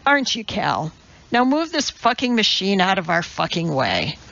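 A woman's voice: mid-range voice, big pitch swings, moderate pace, gravelly, fairly bright tone, lo-fi sound. A woman voicing a short, fierce male rowing coxswain who snarls and barks commands in a storybook reading. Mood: barking orders.

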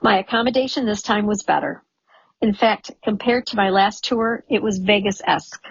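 Husky woman reading a memoir. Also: mid-range voice, dry recording. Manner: measured, wry storytelling. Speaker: audiobook narrator. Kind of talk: scripted first-person memoir narration. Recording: dull lo-fi studio recording, dry.

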